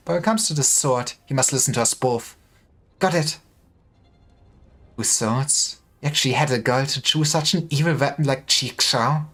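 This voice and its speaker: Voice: mid-range voice, a bit bright. A streamer reading a game story aloud dramatically, voicing each character in turn.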